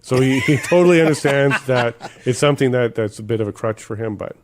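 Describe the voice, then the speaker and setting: A man co-hosting a political podcast, answering in an agreeable, measured way. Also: medium pitch, expressive, noisy background. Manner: agreeable, measured, supportive replies.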